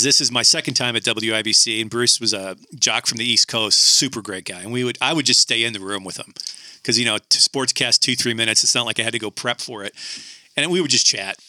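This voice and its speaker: A man hosting a casual talk show, telling a story in an animated way and acting out the phone voices. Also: mid-range voice, no room sound, studio quality.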